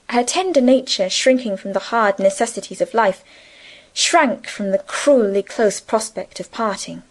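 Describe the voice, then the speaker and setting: A woman narrating a novel in a measured storytelling manner. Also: a little high, lively intonation, poor audio. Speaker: audiobook narrator. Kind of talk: scripted narration.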